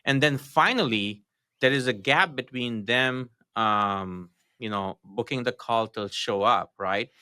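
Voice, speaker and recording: A man guest on a podcast, explaining business tactics in a halting, matter-of-fact way with many fillers and restarts. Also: mid-range voice, bright, forceful tone, clean tone, no room sound, clean studio sound. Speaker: podcast guest, marketing consultant. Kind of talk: casual podcast interview.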